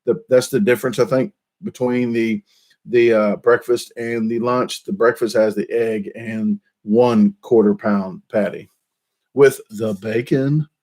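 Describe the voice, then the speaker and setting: A man's voice: fairly low pitch, darkish tone. Rambling self-deprecating male vlogger. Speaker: YouTube channel host. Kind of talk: casual rambling chat. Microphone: desk microphone.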